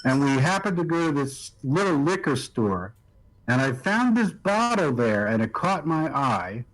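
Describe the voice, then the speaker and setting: A man's voice: a little high, big pitch swings, unhurried, rough recording. Wry New man chatting. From New York. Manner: wry, storytelling, swearing casually. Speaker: guest on a live stream. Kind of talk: casual chat.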